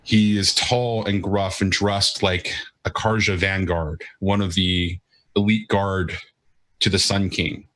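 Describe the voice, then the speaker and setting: A man narrating as game master in a tabletop game, halting and full of fillers. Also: low voice, flat delivery, a bit bright.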